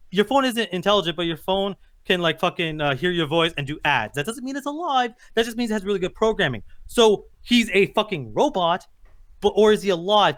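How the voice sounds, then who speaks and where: A man's voice: sits high, fairly bright tone. A man co-hosting a casual movie review chat, blunt and argumentative, swearing freely. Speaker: co-host.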